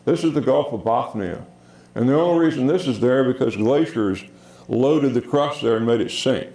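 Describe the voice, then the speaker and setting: A man lectures to a theater audience at an unhurried pace, often pausing on fillers and restarting his sentences. His voice is gravelly and dark. The room around him is echoey. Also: medium pitch. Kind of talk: public science lecture. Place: theater auditorium.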